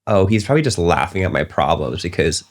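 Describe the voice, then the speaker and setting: A young man with a very low, deep voice talks through business lessons on a casual podcast. He tells animated stories and acts out the voices of the people in them. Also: fast talker. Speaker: podcast host.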